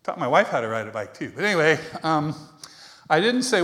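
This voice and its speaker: A man's voice: a little high, very animated, a little fast, fairly bright tone. A man giving a conversational sermon to a congregation, chatty and self-deprecating, laughing often and asking the room questions. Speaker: preacher.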